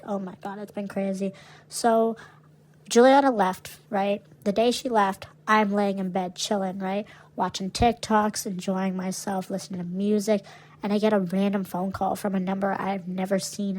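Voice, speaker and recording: A woman's voice: mid-range voice, a little mellow, poor audio. Brash, profane young woman podcaster. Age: young adult. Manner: brash, profane, dramatic storyteller. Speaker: podcast co-host. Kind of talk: casual storytelling chat.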